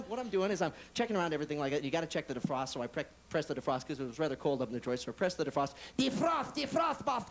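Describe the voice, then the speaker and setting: A man doing stand-up comedy in a club, telling a story in quick, animated bursts and jumping between voices. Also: on the high side. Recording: 1980s TV comedy club recording with faint noise.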